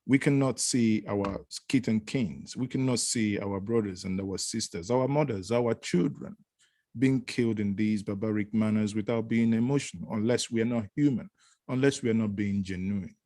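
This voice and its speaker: Low-voiced man hosting an online panel. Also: mellow, dry recording. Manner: measured, formal, uses adages. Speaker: host. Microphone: video call.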